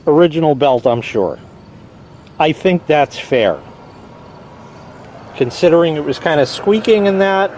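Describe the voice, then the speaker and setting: A man's voice: a little high, expressive, measured pace, long pauses, darkish tone, a little hiss or hum. A man casually vlogging outdoors beside his car, rambling wryly about a broken belt and swearing lightly. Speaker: car owner vlogging a repair. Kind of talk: casual vlog.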